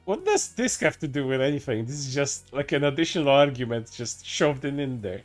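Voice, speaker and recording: A man's voice: medium pitch, big pitch swings, brisk, soft background music. A man streaming casual reaction commentary, cursing freely, stammering through restarts and laughing often.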